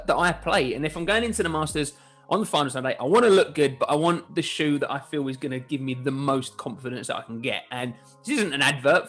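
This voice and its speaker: A man's voice: fairly high pitch, fairly bright tone. A man from England hosting a casual golf shoe review, chatty and jokey, often correcting himself mid-sentence. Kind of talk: casual chat.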